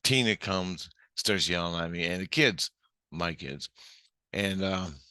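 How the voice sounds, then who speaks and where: In a dry, studio-quality recording, a vlogger recounts a strange spiritual experience. He's a middle-aged man with a low, sharp-toned voice who speaks unhurriedly, yet the story comes out rambling, profane, agitated, and full of false starts.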